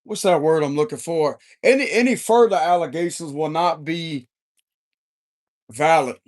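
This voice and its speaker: A man's voice: on the high side, normal speed. A man giving an unscripted tarot reading in a heated, confrontational and profane way. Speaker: tarot reader.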